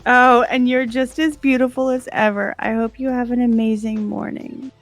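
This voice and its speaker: A woman's voice: on the high side, little pitch movement, moderate pace, no echo, faint music behind, lightly acted. A woman playing a chipper coffee-carrying office worker. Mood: sweet.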